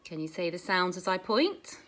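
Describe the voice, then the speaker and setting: A woman teaching a phonics lesson to young children, sounding out letters slowly in a sing-song, exaggerated way. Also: on the low side, expressive, fairly bright tone.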